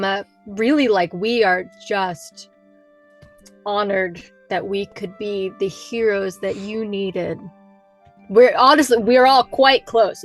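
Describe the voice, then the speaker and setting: A woman's voice: mid-range voice, close to an everyday voice. A woman voicing a pompous noble viscount who talks in a grandiose, self-important way.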